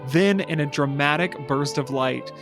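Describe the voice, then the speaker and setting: A man's voice: a little high, measured pace, music in the background. A man hosting a casual podcast, walking through a show concept with dramatic storytelling narration. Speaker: podcast host pitching a concept.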